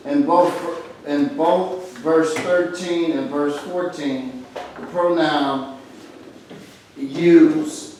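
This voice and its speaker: A man with a fairly high voice reads scripture slowly and measuredly, then offers his own thoughts with some hesitation. He sounds distant in a very reverberant room with light background noise. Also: fairly even intonation, darkish tone. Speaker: Bible study participant. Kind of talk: reading scripture aloud and discussing. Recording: echoey room, far from mic, faint noise.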